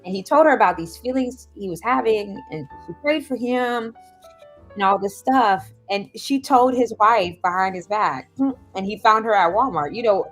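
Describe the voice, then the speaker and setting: A woman hosting a live stream, giving casual advice and telling stories, laughing often and switching into a squeaky high voice when she acts out other people. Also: normal speed, fairly bright tone, soft background music. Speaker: host of a self-help livestream. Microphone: video call or stream mic.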